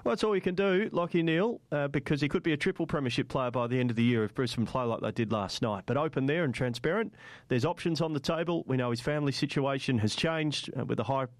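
A man's voice: mid-range voice, quick pace, dry recording. A man with an Australian accent hosting breakfast sports radio, chatty and opinionated, with frequent fillers. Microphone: studio microphone.

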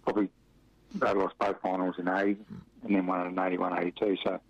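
A middle-aged Australian man, a former footballer from Western Australia, telling rambling anecdotes with chuckles and many fillers in a relaxed interview. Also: low voice, a little fast, no echo. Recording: muffled dry radio recording.

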